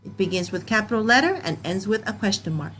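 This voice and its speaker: A woman's voice: mid-range voice, fast, fairly bright tone, a little hiss or hum, low-quality recording. A woman teaching a children's grammar lesson, patient, reading example sentences and checking in with okay.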